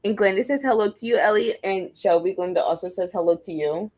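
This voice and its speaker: A woman's voice: mid-range voice, a little fast, a little mellow. A young adult woman hosting a casual reading livestream, greeting chat viewers by name one after another and chatting about books and her pets. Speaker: readathon livestream host.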